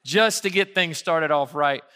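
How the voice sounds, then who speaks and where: A man from Alabama in his thirties, a pastor giving a sermon in a conversational, animated storytelling way. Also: fairly high pitch, unhurried, slight background noise.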